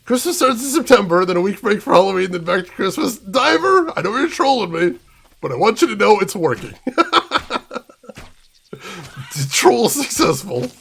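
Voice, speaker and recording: A man's voice: sits high, big pitch swings, fairly quick, creaky, a bit bright, husky. A young American man streaming a game, chatting casually and mock-ranting playfully at his chat. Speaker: gaming streamer. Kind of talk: casual gameplay commentary.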